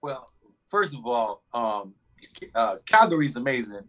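A man's voice: medium pitch, a little slow, dull audio. A man, an actor, telling stories from a shoot in a casual interview, laughing often as he goes. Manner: laughing, animated storyteller.

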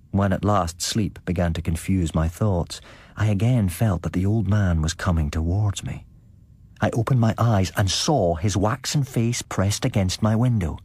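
A man giving a scripted, measured narration of a gothic tale. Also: low voice, a little mellow, husky, dry recording.

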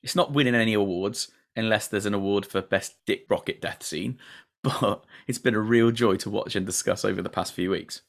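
A man's voice: fairly low pitch, normal speed, vocal fry. A man hosting a podcast, recapping a TV episode in sweary, laughing casual chat. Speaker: podcast host.

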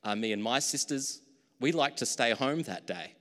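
A man preaching a sermon as pastor, in a relaxed conversational way that pokes fun at his own slips. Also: mid-range voice, moderate pace, big-room sound.

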